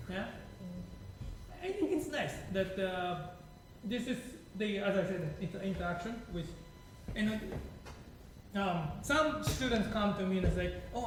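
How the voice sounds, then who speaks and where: Accented male piano teacher, high voice, chatty and digressive, far off in a roomy hall. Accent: non-native English accent. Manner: chatty, digressive, asks rhetorical questions. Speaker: piano teacher hosting a masterclass. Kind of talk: spoken piano masterclass. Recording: distant mic in an echoey room with noise.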